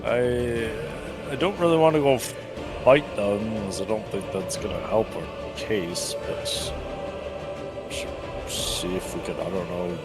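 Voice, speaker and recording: A man playing a tabletop game, chatting casually with dry, deadpan remarks. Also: lowish voice, measured pace, over loud music. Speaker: player.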